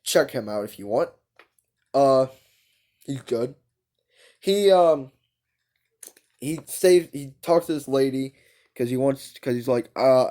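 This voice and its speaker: A man's voice: medium pitch, warm tone. A young man giving a casual, unscripted book review, rambling and hesitant and often correcting himself.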